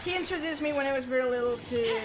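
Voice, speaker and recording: A woman's voice: high voice, very fast, very noisy. A woman from Spain with a Spanish accent, chatting casually on a game stream and hunting for words with many fillers and restarts. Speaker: stream co-host.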